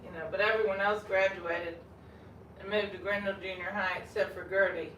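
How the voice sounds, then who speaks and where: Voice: mid-range voice, level tone, moderate pace, fairly bright tone. A channel host chatting in a rambling, self-correcting way, heard from a distance in a roomy space. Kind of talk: casual chat. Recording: roomy, distant, faint noise.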